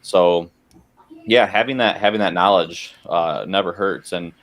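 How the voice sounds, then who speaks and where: A man's voice: low-pitched, a little slow, fairly bright tone. A man co-hosting a podcast, chatting casually and rambling through anecdotes. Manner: rambling anecdotes with acted quotes. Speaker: podcast co-host. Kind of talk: casual chat, storytelling.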